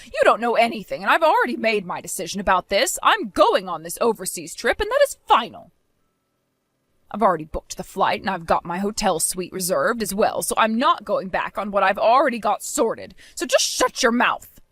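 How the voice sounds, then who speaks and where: A woman's voice: mid-range voice, very animated, brisk, fairly bright tone, no echo. A woman voicing a harsh, domineering older mother-in-law who talks in a scornful, insulting way. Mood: dismissive.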